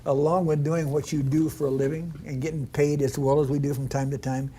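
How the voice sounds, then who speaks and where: An older man, a veteran stunt performer, telling lively anecdotes and acting out other people's lines, with frequent laughter. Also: fairly high pitch, brisk, a little hiss or hum. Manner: animated yarn-spinner, mimics others in quotes, laughs often. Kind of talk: anecdotal storytelling.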